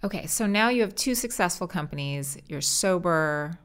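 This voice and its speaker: A woman's voice: fairly low pitch, animated, moderate pace, smooth. A woman hosting an interview, asking brief follow-up questions. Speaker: host.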